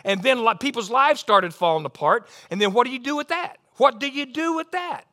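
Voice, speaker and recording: A middle-aged man preaching a sermon, animated, often restarting and repeating words. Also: very high voice, a little fast. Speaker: pastor.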